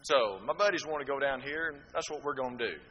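A man's voice: medium pitch, expressive, fast talker, pushed and bright, breathy edge, big-room sound, rough recording. A man preaching a sermon, telling folksy stories with rhetorical asides.

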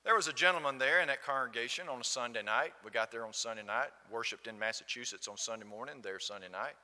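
A man's voice: mid-range voice, fast talker, bright, forceful tone. A man with a Southern accent from Alabama, preaching a sermon and telling a story, asking the congregation questions. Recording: long hall reverb.

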